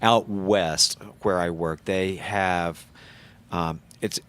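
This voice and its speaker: A man with a low, deep voice hosts a casual podcast chat. He stops and restarts often while he works out what he wants to ask. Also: steady tone, fairly bright tone, clean tone. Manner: halting, searching for words. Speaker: podcast host.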